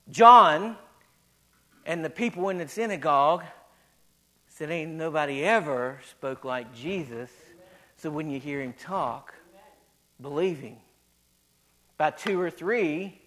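High-voiced preacher man. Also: fairly bright tone. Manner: folksy preaching, repeats phrases, voice swells and drops. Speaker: pastor. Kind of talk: sermon.

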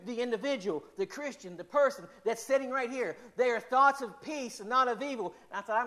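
A man preaching a sermon in an earnest, repetitive way, slowing down for emphasis. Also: high-pitched, fairly bright tone.

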